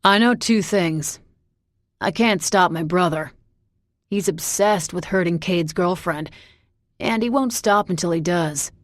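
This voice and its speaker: A woman's voice: on the low side, measured pace, no room sound, studio quality, natural voice. A woman reading the part of a brooding young man in an audiobook, speaking with earnest urgency. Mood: earnest urging.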